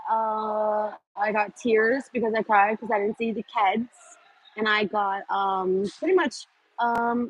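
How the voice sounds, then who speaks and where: A woman's voice: mid-range voice, slightly rough, rough recording. Rambling woman on a casual livestream. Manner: scattered, trails off with many fillers; reads out and answers viewer comments. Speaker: livestream host.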